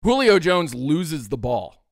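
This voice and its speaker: A man hosting a sports show, breaking down game plays with excitable energy and frequent laughter. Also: a little high, slow, no echo, studio quality. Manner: excitable, breaks into laughter, acts out players in quotes. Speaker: sports podcast host. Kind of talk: animated sports commentary.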